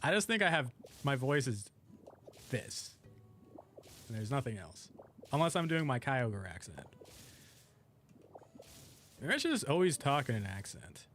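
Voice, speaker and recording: A man's voice: mid-range voice, very animated, unhurried, long pauses, a bit bright, slight background noise. A young man streaming a game, rambling casually and chatting with his viewers as he plays. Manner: rambling, chats with viewers while playing.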